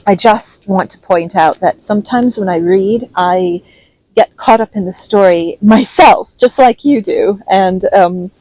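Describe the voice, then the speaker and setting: A woman's voice: mid-range voice, darkish tone, dry recording, low-quality recording. A woman with a transatlantic accent reading a story aloud expressively, then chatting casually and self-deprecatingly with her listeners. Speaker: audiobook reader.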